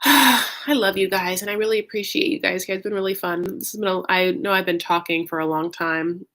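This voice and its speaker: A woman's voice: medium pitch, steady tone, fairly quick, a bit bright. A woman hosting a casual livestream recap, chatting loosely, saying "like" a lot and answering viewer comments. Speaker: recap show host.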